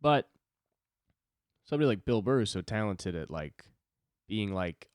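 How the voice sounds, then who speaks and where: A man's voice: on the low side, lively intonation, a little slow, dry recording, studio quality. A man in his twenties talking alone on his own podcast, rambling, swearing and mocking himself. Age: 20s. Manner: rambling, profane, self-deprecating. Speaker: podcast host. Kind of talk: solo podcast monologue.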